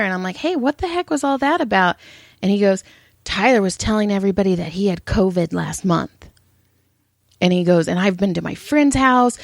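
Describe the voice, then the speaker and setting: In clean, echo-free studio sound, a middle-aged podcast co-host with a mid-range voice tells stories conversationally. She's animated, performing the quotes of the people in her tales.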